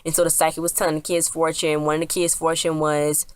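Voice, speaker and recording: Low-voiced woman rambling through an episode recap. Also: little pitch movement, quick pace. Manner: rambling, many fillers and restarts. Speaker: TV episode reviewer.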